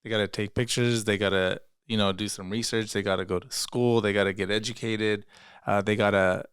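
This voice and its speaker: Low, smooth-voiced man giving advice. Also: fairly even intonation, a little fast, fairly bright tone, dry recording, clean studio sound. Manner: repetitive, emphatic. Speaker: photographer and teacher, podcast guest. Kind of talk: casual advice.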